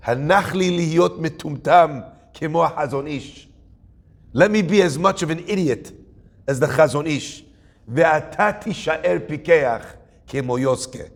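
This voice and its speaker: A man's voice: a little high, a little slow, creaky. A man, a rabbi, telling a story in a Torah class, acting out the dialogue of each character.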